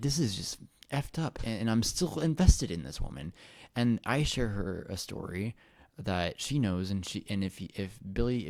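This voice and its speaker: A man talking to his viewers in a rambling, excitable personal monologue, full of restarts and swearing. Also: low-pitched, gravelly, no echo. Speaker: vlogger.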